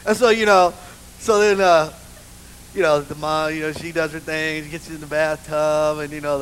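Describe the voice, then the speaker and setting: Brief: high-pitched pastor, animated and funny, live church, faint room noise. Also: male voice, normal speed, poor audio. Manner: animated, humorous storytelling with many "you know"s. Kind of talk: sermon.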